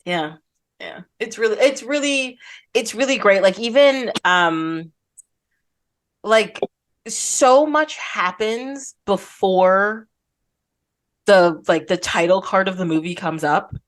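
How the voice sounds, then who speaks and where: An enthusiastic woman hosting a casual podcast chat about movies. She rambles eagerly and slips into quoted lines along the way. Her voice sits at an ordinary middle pitch. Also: slow pace. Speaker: podcast host.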